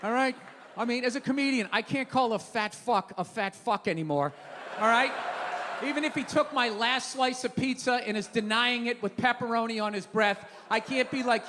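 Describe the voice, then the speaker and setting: A man doing a live stand-up routine, loud, sarcastic and profane as he rants on a stage mic. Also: extremely high pitch, normal speed, a crowd in the background. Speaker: stand-up comedian. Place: large theater stage before a live audience. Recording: reverberant hall with audience noise.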